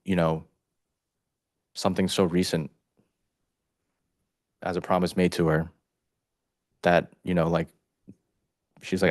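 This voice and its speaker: A man testifying as a witness in a courtroom, speaking haltingly with many "you know" fillers. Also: deep voice, level tone, no echo, clean studio sound.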